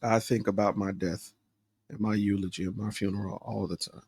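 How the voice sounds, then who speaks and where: Low gravelly man musing candidly. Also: fairly even intonation, moderate pace, darkish tone, dry recording, clean studio sound. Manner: candid, introspective, rambling with fillers. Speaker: podcast host. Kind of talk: solo podcast monologue.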